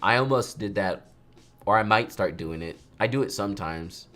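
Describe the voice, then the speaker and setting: On a livestream, a young male photographer edits photos and teaches while chatting casually, ranting in an animated way and often mimicking other people. His voice is on the low side, his pace moderate, with faint music in the background.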